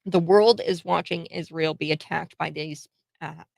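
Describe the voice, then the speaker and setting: Indignant gravelly-voiced American woman host. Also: low-pitched, fairly even intonation, unhurried, a little mellow, dry recording. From United States. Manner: emphatic, indignant, with frequent fillers and restarts. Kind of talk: political commentary.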